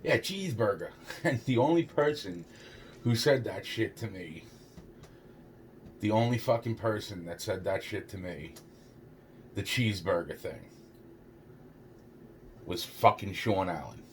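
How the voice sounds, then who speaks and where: A man's voice: on the low side, a little slow, long pauses, slight background noise. A young man rambling through a personal story, stumbling over his words, repeating "it's like" and swearing a lot. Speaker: storyteller recounting a personal experience.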